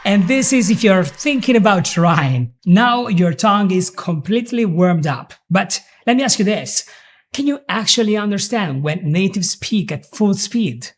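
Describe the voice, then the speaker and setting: A young man teaching an online English lesson, drilling phrases slowly and then at full speed. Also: high-pitched, lively intonation.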